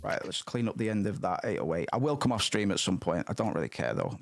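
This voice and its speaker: A man's voice: on the low side, very animated, quick pace, creaky, hardly any pauses, music in the background. A man streaming, chatting casually and rambling, swearing freely with many restarts.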